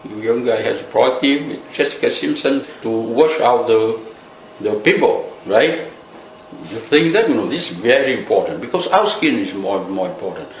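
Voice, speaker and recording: A man teaching Buddhism to a room in a relaxed, talky way, often leaning on "you know". His voice sits at a middling pitch and rings in a roomy, echoing space with a faint hiss. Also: normal speed, highs cut off. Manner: loose, conversational, many "you know" fillers. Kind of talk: dharma talk. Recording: echoey room with faint noise.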